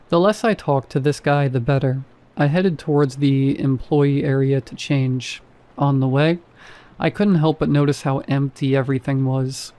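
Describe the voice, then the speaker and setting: A man narrates a first-person horror story with a wry, conversational touch. His voice is mellow and dark-toned, sitting at an ordinary middle pitch. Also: steady tone, normal speed.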